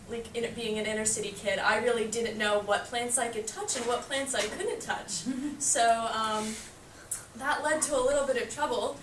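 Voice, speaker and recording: A woman's voice: on the high side, fairly even intonation, moderate pace, far from the mic. Teen girl, story to a group, giggly, "like" a lot, echoey room, faint noise. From New York City. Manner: chatty, giggling, frequent "like". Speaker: student storyteller. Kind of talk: casual personal story told to a group.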